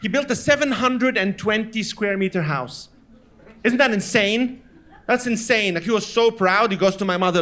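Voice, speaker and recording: A man's voice: sits high, normal speed, pushed and bright. A man from Lebanon performing a stand-up comedy set, telling stories and acting out his parents in voices. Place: comedy stage before a laughing audience.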